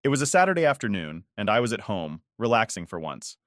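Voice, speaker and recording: A man in his forties tells a first-person story in a low, weary voice with a resentful edge. The recording is close and dry, with no room sound at all. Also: big pitch swings, quick pace, a bit bright, no room sound. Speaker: story narrator.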